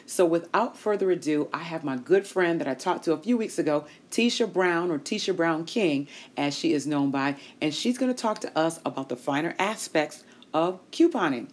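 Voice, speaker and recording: A woman hosting a Christian podcast, with a lively, preacher-like, sing-song delivery, in her forties. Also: deep voice, normal speed, hardly any pauses. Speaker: podcast host.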